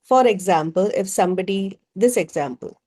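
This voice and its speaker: A woman's voice: medium pitch, lively intonation, normal speed, dark tone. A woman with a Bengali-inflected Indian English accent, leading a group workshop as facilitator and working through ideas with rhetorical questions.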